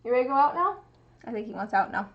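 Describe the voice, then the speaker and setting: A young woman chats casually with viewers on a livestream, her fairly high voice very animated and racing along. She coos at her cat in a baby voice, and the stream audio is muffled and lo-fi.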